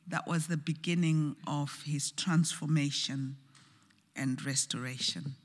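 A woman preaching a sermon, telling a story slowly and earnestly with soft, hushed moments, recorded in a church. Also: low voice. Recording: church hall with long reverb.

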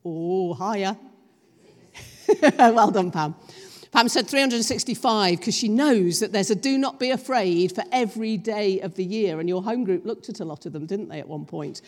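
A woman preaching a sermon, slow and emphatic, drawing the congregation in with questions. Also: mid-range voice, darkish tone. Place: church hall. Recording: long reverb of a church hall.

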